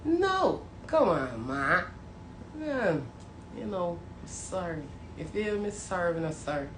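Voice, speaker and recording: A woman with a Jamaican accent ranting casually and profanely to her viewers, half joking, turning from mumbled apologies to loud outbursts. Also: lowish voice, very animated, slow. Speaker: vlogger. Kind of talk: casual comedic rant to viewers. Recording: roomy echo, faint background noise.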